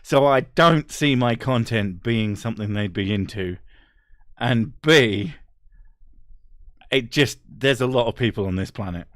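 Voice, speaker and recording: A man's voice: medium pitch, unhurried, a bit bright, dry recording, studio quality. A young man streaming and reading out chat, swearing often and laughing as he talks. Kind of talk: casual live-stream chat.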